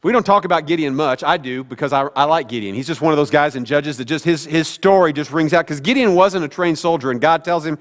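A man's voice: fairly high pitch, quick pace, few pauses, in a large hall. A middle-aged male pastor preaching a conversational sermon, with joking asides to the congregation. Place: church sanctuary.

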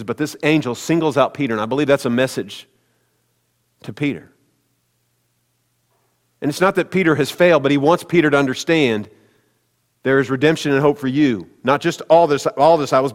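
A man preaching a sermon as pastor, talking conversationally and speaking directly to his congregation. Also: fairly high pitch. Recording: long hall reverb.

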